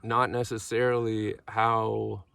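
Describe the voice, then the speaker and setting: Man, 30s, unhurried mindfulness teacher, very gravelly and halting. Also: fairly low pitch, little pitch movement, a bit bright, no echo, far from the mic. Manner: halting, musing, self-deprecating. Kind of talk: reflective talk with parables.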